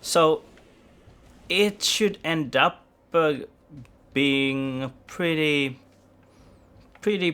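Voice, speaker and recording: This man's voice sits on the high side, gravelly with a bit of brightness. Live-streaming a game, he talks with chat in a halting, meandering, self-deprecating way, frequently starting sentences over.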